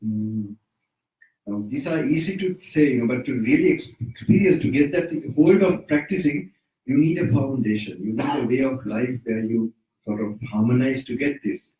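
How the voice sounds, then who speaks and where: Speaking at a moderate pace in a mellow, medium-pitched voice with lively intonation, a Sri Lankan monk teaches the dharma informally indoors at someone's home. He often chuckles and corrects himself, and the mic sits at a distance in a roomy space.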